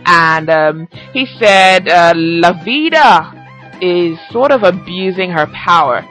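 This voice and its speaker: Bright, teasing young woman podcast host. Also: fairly low pitch, lively intonation, slow, faint music behind, rough recording. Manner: chatty and teasing, laughs often. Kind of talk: casual solo podcast chat.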